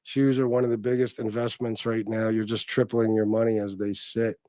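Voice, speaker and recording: A man's voice: on the low side, little pitch movement, normal speed, a little mellow, no echo, studio quality. A man hosting a casual livestream, talking bluntly and crudely and rambling with lots of fillers. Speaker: livestream host.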